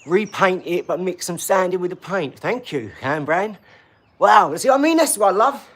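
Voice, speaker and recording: A man's voice: sits high, expressive, normal speed, fairly bright tone. A middle-aged British man hosting a casual boxing livestream, rambling bluntly, swearing freely and talking to his viewers. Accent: British English.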